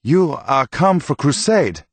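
A man voicing a stern, suspicious village priest who speaks slowly in halting phrases. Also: a little high, animated, no echo, voice pushed up, full character voice. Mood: stern, questioning.

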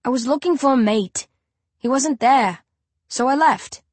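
A woman's voice: high voice, a little slow, a little mellow, no room sound, voice pushed up. A woman doing a nervous small boy. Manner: timid, sighing.

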